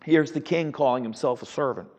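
A man leading a Sunday school Bible class, teaching in an animated, preacherly way with the odd chuckle. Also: mid-range voice, fairly quick, big-room sound. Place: church classroom.

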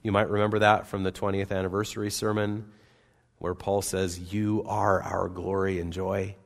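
A man preaching a sermon as pastor, earnest and emphatic, with wide swings between loud and soft. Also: sits low, flat delivery, moderate pace, creaky. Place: church sanctuary. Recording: long reverb of a church hall.

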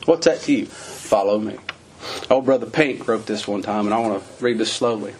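A man's voice: lowish voice, moderate pace, breathy edge. A man preaching a sermon in a folksy, questioning way, using plain rural phrasing and asking lots of rhetorical questions.

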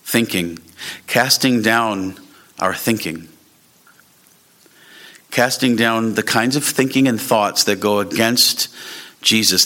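Male pastor, bright forceful tone, earnest sermon delivery that climbs on emphatic lines. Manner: earnest preaching, rising in pitch at emphatic points.

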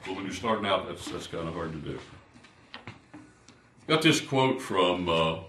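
An older man, a pastor, teaching fellow preachers in an informal, animated way, poking fun at himself and swinging between loud and soft. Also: low voice, unhurried, slight background noise. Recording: roomy, distant from the mic.

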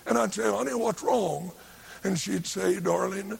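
An older preacher with a gravelly, raspy voice that sits high for a man. He tells a revival story with fervor, building to shouted lines when he voices the people in it. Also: measured pace. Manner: fervent, rising to shouts when quoting.

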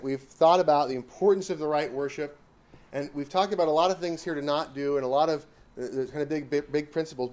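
Man with a fairly high voice, Bible teacher, emphatic, drives points home with repetition. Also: a little mellow. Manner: emphatic, with rhetorical questions and repetition. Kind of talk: catechism teaching.

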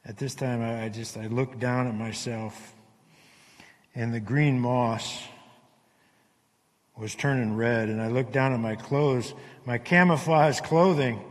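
A man telling a dramatic survival story to a live audience, halting and repeating words as he swings between hushed and loud. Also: mid-range voice, steady tone. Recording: long hall reverb.

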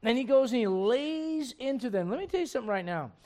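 A man's voice: very high-pitched, animated, brisk, a little mellow. A man preaching a sermon in an impassioned, conversational way, firing off rhetorical questions to his listeners.

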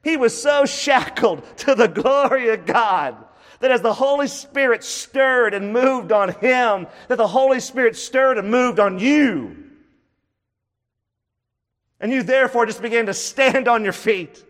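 A man's voice: very high voice, unhurried, a bit bright, long reverb tail. A man preaching a sermon, emphatic and full of rhetorical questions, repeating phrases for stress.

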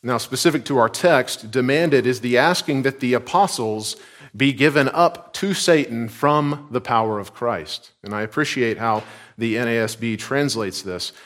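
Earnest preaching man, mid-pitched voice. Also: moderate pace. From Georgia, US. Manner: earnest, emphatic, drops low and soft at line ends. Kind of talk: sermon.

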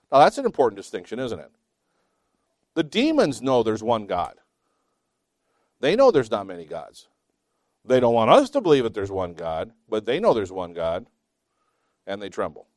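Guy teaching bible study, reads verses slow and leans on words, mid-pitched, dry room. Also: darkish tone, no room sound. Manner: reads scripture slowly with emphasis; chatty asides with small self-laughs.

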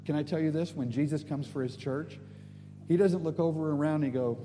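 Animated preacher with a mellow voice. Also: male voice, a little high, fairly quick, big-room sound, faint music behind. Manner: animated, storytelling, casual slang. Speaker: guest preacher. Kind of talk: sermon.

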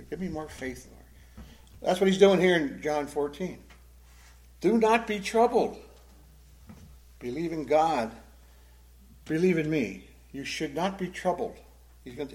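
A man's voice: fairly high pitch, a little mellow. A man preaching a Bible-teaching sermon in a conversational way, often asking the congregation questions and repeating words as he goes. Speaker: pastor.

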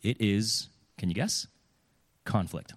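Animated male preacher. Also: on the low side, slow. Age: adult with children. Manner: animated, acts out quoted voices. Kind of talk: sermon.

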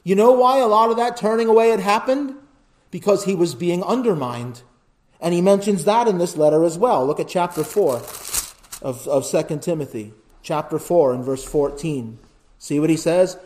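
A man with a high voice preaching a sermon as pastor. He builds to loud, emphatic lists and then drops to quiet pleading. He keeps checking in with his listeners by asking "right?". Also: animated, normal speed. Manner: asks the congregation "right?".

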